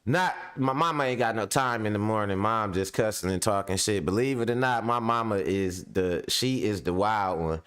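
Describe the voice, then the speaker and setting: Laid-back slangy man with a smooth low voice. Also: normal speed, hardly any pauses, a bit bright. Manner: laid-back, slangy, laughs often, repeats "you know what I'm saying". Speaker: show host. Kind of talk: casual monologue to a live audience.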